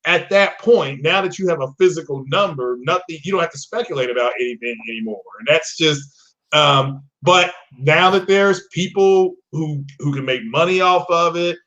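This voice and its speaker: A man's voice: fairly high pitch, normal speed, a bit bright, lo-fi sound. A man co-hosting a gaming talk show, explaining at length with many hesitations and restarts. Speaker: co-host. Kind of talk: casual chat.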